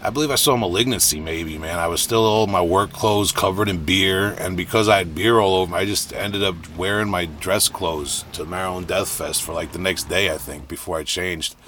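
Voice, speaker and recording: A middle-aged man with a deep, booming voice, telling a rambling, self-deprecating story in a casual podcast monologue. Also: brisk, hardly any pauses, a bit bright, a little hiss or hum. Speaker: podcast host.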